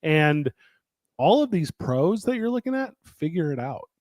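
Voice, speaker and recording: A man's voice: on the high side, very animated, measured pace, a little mellow, no echo. A man hosting a casual chat about a wrestling promotion's year, talking in a rambling way with many fillers and restarts.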